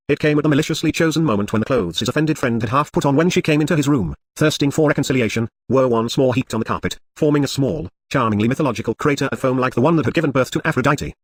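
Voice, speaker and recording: A male audiobook narrator reads a literary novel at a fast clip. His voice is husky, and the recording is dry and close with no room sound. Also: medium pitch, dry recording. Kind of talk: scripted narration.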